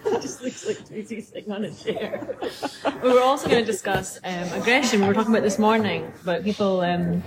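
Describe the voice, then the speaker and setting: A woman speaking as a dog behaviourist in a casual podcast chat, thoughtful and pausing with ums. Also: mid-range voice, poor audio. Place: busy coffee shop. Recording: crowd noise in a café. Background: café crowd chatter.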